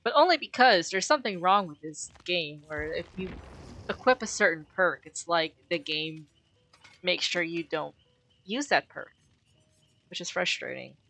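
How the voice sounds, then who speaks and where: A woman streamer giving casual gameplay commentary, excitable and quick to laugh, rambling and correcting herself as she reviews. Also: fairly low pitch. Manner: excitable, shrieks and laughs at game moments.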